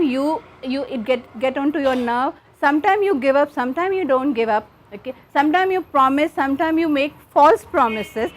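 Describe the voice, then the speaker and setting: A woman's voice: high voice, slight background noise. A woman with an Indian English accent leading a parenting workshop, explaining earnestly and acting out examples. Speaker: workshop facilitator.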